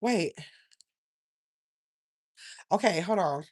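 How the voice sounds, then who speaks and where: A woman's voice: on the low side, expressive, very slow, slightly rough. An older woman chats casually on a livestream. She rambles, stops to search for things, and calls her viewers y'all. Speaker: channel host.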